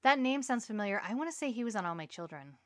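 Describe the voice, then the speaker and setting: A woman's voice: on the high side, animated, fast, no echo, studio quality. A woman co-hosting a podcast in casual chat, wry and prone to sarcastic rants. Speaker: podcast co-host.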